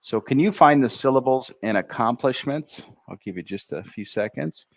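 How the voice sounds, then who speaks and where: An American man teaches English pronunciation on a livestream, breaking words down slowly syllable by syllable and tossing in cheerful asides. His voice sits at a medium pitch with lively intonation.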